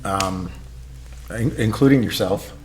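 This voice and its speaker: A middle-aged gym owner from Brooklyn talks in a fairly low voice. He tells his story with animation and acts out each line of dialogue. The setting is a relaxed interview. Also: takes it slowly, a little hiss or hum. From Brooklyn, New York. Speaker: gym owner, podcast guest.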